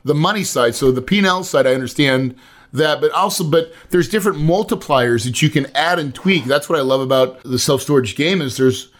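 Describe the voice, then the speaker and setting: Brief: male interview host, slightly high voice, casual and emphatic, leans on slang. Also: a little fast. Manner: loose, slangy, emphatic talk with many "right?" asides. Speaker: podcast host.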